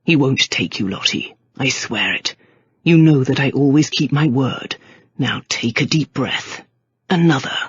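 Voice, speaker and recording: A woman voicing a stern, commanding male earl, speaking low and curt. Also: animated, moderate pace, husky, no room sound, highs cut off, heavily acted. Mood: steady.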